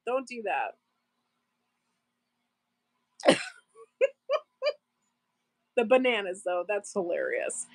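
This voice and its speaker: A woman's voice: mid-range voice, lively intonation, slow pace, long pauses, no echo. A woman hosting a casual live stream from her farm channel, rambling, laughing often and answering viewers in the chat. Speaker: farm channel livestream host.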